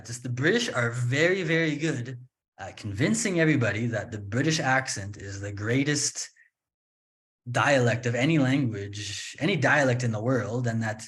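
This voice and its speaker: A man from Canada hosting a relaxed interview, talking at an ordinary mid pitch. He is chatty and opinionated and jokes as he goes. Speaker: host and English teacher. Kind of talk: casual interview chat.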